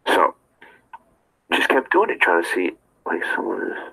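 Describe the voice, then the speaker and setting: Deep, forceful man ranting. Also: very animated, fairly quick, creaky, poor audio. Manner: confrontational, fires rhetorical questions. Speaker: streamer. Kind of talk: ranting monologue to viewers.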